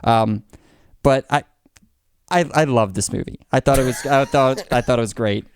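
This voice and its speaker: Guy rambling about a movie on a podcast, lots of uh and restarts, clean smooth voice, dry sound. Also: medium pitch, normal speed, no room sound. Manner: hesitant, many restarts and fillers. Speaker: podcast co-host. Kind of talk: casual movie chat.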